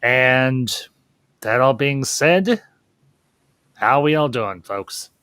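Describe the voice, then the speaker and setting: A man's voice: medium pitch, lively intonation, drawn-out words, a bit bright, clean tone, dry recording. A man hosting a casual livestream chat, folksy and chatty with frequent ums. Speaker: host.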